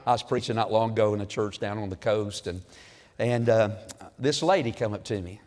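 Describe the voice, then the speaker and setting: A man preaching a sermon in a folksy storytelling way, building to loud, emphatic peaks. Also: on the low side, a little fast, big-room sound.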